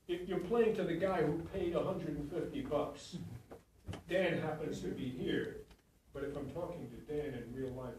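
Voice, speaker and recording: A man gives blunt, frank notes to his acting students and keeps circling back with "you know" as he works out a point. His voice sits somewhat high for a man. He sounds distant from the mic in a very reverberant room, with a faint hiss underneath. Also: fairly bright tone. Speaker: acting teacher.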